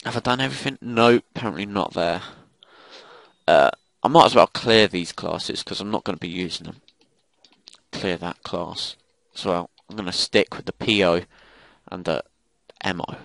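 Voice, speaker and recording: A man's voice: deep voice, moderate pace, vocal fry, a bit bright, no room sound. A young man giving live commentary over a shooter game, swearing and ranting in frustrated outbursts. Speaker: gaming commentator.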